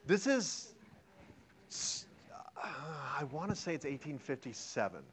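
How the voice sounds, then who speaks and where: A man's voice: fairly high pitch, unhurried, a little hiss or hum. A male history teacher lecturing a classroom, joking around and quizzing his students as he goes. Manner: animated, joking, and asks the class questions.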